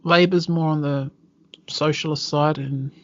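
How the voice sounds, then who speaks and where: A man's voice: on the high side, unhurried, no room sound. Teasing New man, dry lo-fi sound. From New Zealand. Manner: joking, teasing, relaxed banter. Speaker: co-host. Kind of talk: casual chat.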